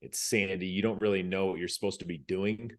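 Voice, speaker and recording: A low-pitched man from the United States speaks as a podcast guest and recounts his training days in a loose, conversational way. He acts out what others said to him and often doubles back mid-phrase before pressing on. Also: fairly even intonation, brisk. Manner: vivid storyteller who acts out quotes and restarts phrases. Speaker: podcast guest, former Navy SEAL. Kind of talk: casual storytelling in an interview.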